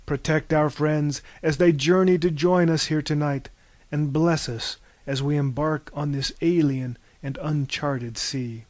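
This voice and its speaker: A man's voice: a little high, fairly even intonation, unhurried, darkish tone, no room sound, close to an everyday voice. Storybook toastmaster, pompous and ceremonial, read by a male narrator, close dry mic. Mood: solemn. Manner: grand, ceremonial.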